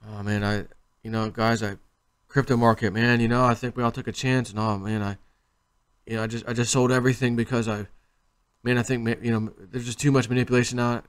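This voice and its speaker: A man's voice: mid-range voice, little pitch movement, a little fast, clean tone, close to an everyday voice. A man voicing a panicking male investor who whines and stammers in defeat. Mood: mopey. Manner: whiny, stammering.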